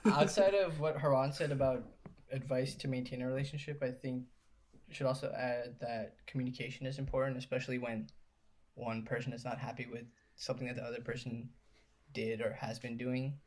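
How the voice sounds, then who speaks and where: Calm young man, measured talk. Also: medium pitch. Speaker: podcast co-host. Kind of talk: casual chat.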